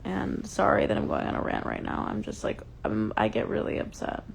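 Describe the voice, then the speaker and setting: A woman's voice: medium pitch, sing-song, a little fast, gravelly, slight background noise. A young woman hosting a casual livestream from home, passionately ranting and swearing, openly upset. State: upset and enraged. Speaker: livestream host. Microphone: phone.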